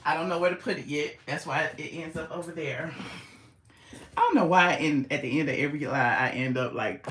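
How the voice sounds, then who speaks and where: A woman's voice: deep voice, a little fast, reverberant, slight background noise. A woman hosting a casual livestream from her home, chatting with viewers and calling them child and honey. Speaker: YouTube host.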